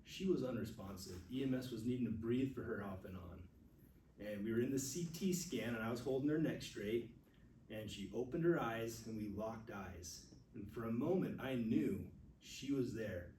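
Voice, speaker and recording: Male nurse instructor, earnest and candid, mellow voice, echoey classroom heard from across the room. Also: mid-range voice, moderate pace, slight background noise. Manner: earnest, speaks openly about emotion. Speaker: first aid instructor, nurse. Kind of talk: classroom teaching with personal stories. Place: classroom with audience. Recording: echoey room recorded from far off.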